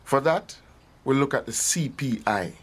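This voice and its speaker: A man's voice: mid-range voice, expressive, a little slow, slightly rough. A Jamaican man co-hosting an economics explainer, walking through terms in a friendly way. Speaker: co-host. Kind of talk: scripted explainer dialogue.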